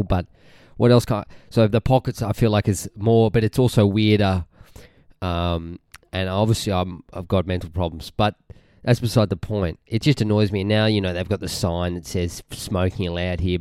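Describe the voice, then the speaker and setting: A young Australian man hosts his own podcast, ranting in a rambling, swearing, easily irritated way. His voice sits very low and sounds smooth and resonant. The recording is close and dry, with no room sound. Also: a little mellow, no room sound. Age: young adult. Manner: rambling, irritated, sweary, often trails off mid-sentence. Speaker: podcast host. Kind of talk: casual ranting monologue.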